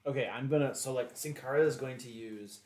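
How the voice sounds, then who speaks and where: Man, tabletop game player, rambling and mischievous, mid pitch, roomy echo. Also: brisk, a little mellow. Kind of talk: playing a tabletop game, partly in character.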